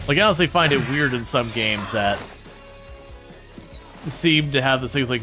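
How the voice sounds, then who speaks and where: A man chatting casually with viewers while streaming a game, sarcastic and animated. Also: mid-range voice, normal speed, over music. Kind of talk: casual gaming livestream chat.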